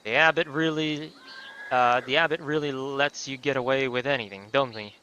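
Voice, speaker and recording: A man's voice: mid-range voice, fairly even intonation, normal speed, pushed and bright, muffled recording, slight background noise, natural voice. Blunt villager with a loose Australian accent, teasing and hearty, for a game voice-over, read by a man. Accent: vague put-on Australian accent.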